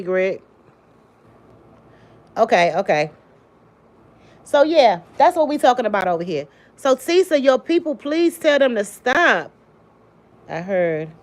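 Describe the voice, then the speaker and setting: Her voice is mid-range and a bit mellow. As the host of a casual livestream, she goes through comments, calls out viewers by name emphatically, and keeps repeating what she means.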